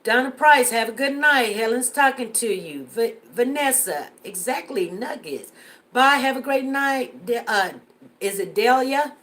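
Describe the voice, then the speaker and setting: A woman with a high-pitched voice hosts a casual live stream. She talks earnestly to her viewers and often repeats lines to drive a point home. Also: animated, a little slow, a bit bright. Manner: earnest, repeats herself for emphasis.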